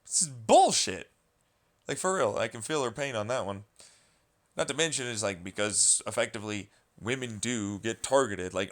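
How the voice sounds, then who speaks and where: A man's voice: on the low side, expressive, moderate pace, a bit bright. A man vlogging a rambling, profane, exasperated commentary rant.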